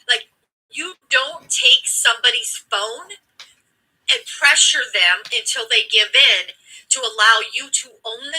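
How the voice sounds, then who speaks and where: Husky, bright-voiced woman telling a heated story. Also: on the high side, low-quality recording. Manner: emphatic, blunt and profane, reenacts dialogue. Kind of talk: impassioned storytelling commentary.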